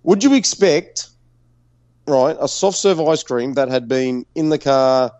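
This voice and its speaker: An Australian man co-hosting a podcast, telling a story in animated, profane, casual banter. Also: mid-range voice, unhurried, dry recording, highs cut off. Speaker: podcast co-host.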